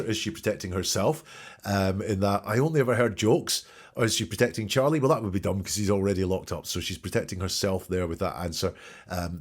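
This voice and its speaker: A man hosting a show where he breaks down court testimony in spoken commentary, emphatic and questioning, repeating key words. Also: low-pitched. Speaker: host analyzing trial testimony.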